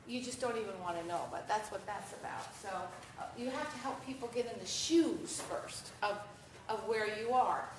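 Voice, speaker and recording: An American woman giving a talk at an event, telling stories with animated quoted voices, asking for the next slide. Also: a little high, moderate pace, a little hiss or hum. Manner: animated storytelling, acts out quotes. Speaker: vegan speaker giving a talk. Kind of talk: conference presentation with slides. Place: event hall at a festival. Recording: echoey hall, distant mic.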